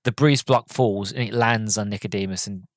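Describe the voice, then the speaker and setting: A man's voice: on the low side, normal speed, dry recording. A young man hosting a podcast, casually retelling a film's plot with lots of fillers and self-corrections. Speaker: podcast host reviewing a film. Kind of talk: casual spoken film recap.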